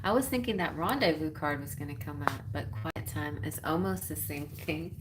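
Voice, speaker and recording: A woman's voice: deep voice, moderate pace, background noise. A woman giving a chatty live-stream tarot reading, giggling and reading card messages aloud. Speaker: tarot reader.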